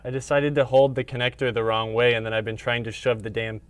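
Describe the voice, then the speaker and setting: A man's voice: mid-range voice, level tone, fast, clean tone. A man working on a pinball machine during a live stream, grumbling and joking at his own expense as he goes. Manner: grumbling, self-deprecating about the repair. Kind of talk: casual live-stream chat while working.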